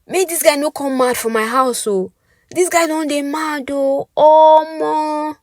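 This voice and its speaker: A woman voicing an exasperated young male neighbor who speaks with a Nigerian Pidgin accent and complains loudly. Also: sits high, fairly even intonation, measured pace, dry recording, studio quality, voice pushed up. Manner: complaining, exclamatory.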